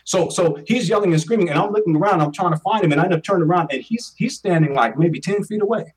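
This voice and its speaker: A man's voice: high-pitched, fast talker, slightly rough, distant mic, low-quality recording. A man in his forties telling a personal story as an interview guest, earnest and emphatic, often repeating his words. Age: 40s.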